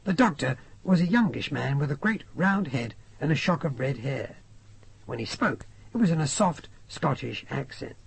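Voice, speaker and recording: A man reading a first-person adventure novel aloud in a measured, descriptive way. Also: on the high side, lively intonation, vocal fry, slight background noise. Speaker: audiobook narrator. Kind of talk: first-person audiobook narration.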